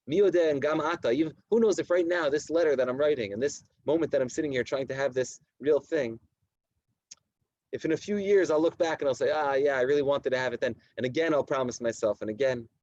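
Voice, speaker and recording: A man's voice: mid-range voice, no echo, muffled recording. Man teaching a late-night Torah class. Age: 30s. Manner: reads Hebrew texts slowly then explains them in animated English with many repetitions. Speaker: rabbi giving a Torah class. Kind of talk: Torah lecture to a community. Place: community study hall at night.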